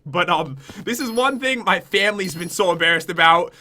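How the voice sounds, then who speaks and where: A man's voice: fairly high pitch, lively intonation, brisk, bright, forceful tone, a little hiss or hum. A young man from Connecticut chatting to his viewers in a self-mocking YouTube vlog. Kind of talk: casual vlog confession.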